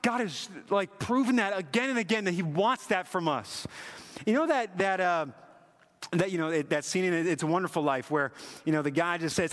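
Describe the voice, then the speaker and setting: A man's voice: high-pitched, animated, normal speed, fairly bright tone, big-room sound. A man in his thirties giving a casual, rambling sermon as pastor, full of "you know".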